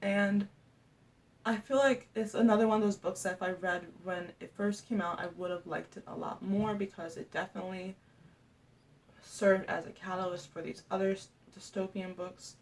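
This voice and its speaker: Young woman, casual vlog, chatty, gushing, rambling, middle pitch, a bit distant from the mic. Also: fairly even intonation, moderate pace. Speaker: booktuber. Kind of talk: casual book-ranking vlog.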